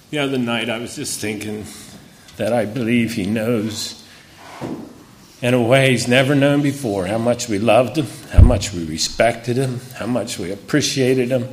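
A man's voice: medium pitch, slight background noise. A man speaking at a memorial, emotional and earnest, his voice catching as he honors the man who died. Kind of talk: memorial tribute speech.

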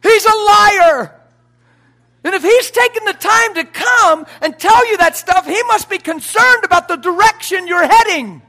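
A pastor, a man, preaching a sermon in an emphatic, blunt style with sudden shouted lines. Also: very high-pitched, expressive, moderate pace, few pauses.

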